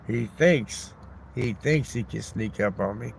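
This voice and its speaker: With a lowish, creaky voice and a measured pace, this host rambles through a casual livestream from a neighborhood park. Speaking into his phone over slight background noise, he makes crude jokes and talks back to chat.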